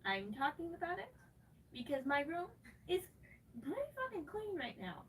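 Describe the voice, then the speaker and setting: A woman's voice: high-pitched, very animated, moderate pace, a bit bright, distant mic, slight background noise. A woman live streamer ranting at her chat from her bedroom, sarcastic and swearing constantly. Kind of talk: angry rant to chat. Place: her bedroom, moving around.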